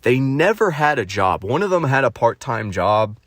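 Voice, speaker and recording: A man's voice: mid-range voice, big pitch swings, moderate pace, a bit bright, no echo, studio quality. A young man in his twenties telling stories in a profane, rambling, mocking comedic rant.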